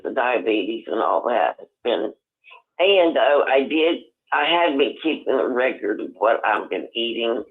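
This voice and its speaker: An older man calling in on the phone, talking in a rambling, halting way with many restarts. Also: medium pitch. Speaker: caller. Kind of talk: casual phone chat. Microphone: telephone. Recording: tinny phone line.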